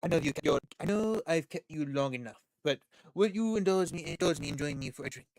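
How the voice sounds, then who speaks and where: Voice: mid-range voice, animated, darkish tone, dry recording, lightly acted. A streamer putting on a suave European investor. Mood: smooth formal. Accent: put-on French. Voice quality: smooth, measured, formal. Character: suave, mysterious European male investor, cold and businesslike.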